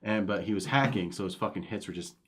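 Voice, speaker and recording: Male co-host, lower voice, swears a lot, animated storyteller in a casual gaming chat. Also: quick pace, husky. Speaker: podcast co-host.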